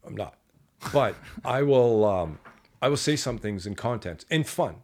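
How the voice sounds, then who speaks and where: A man, a guest on an interview show, telling lively casual anecdotes and acting out the people in them. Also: mid-range voice, unhurried, slight background noise. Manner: animated anecdotes, acts out quoted people. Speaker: entrepreneur guest.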